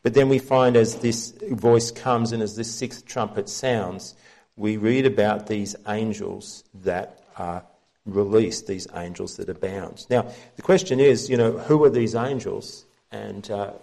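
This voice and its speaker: A man preaching a sermon as pastor, teaching from the Bible in an earnest, measured way. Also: lowish voice, creaky, warm tone.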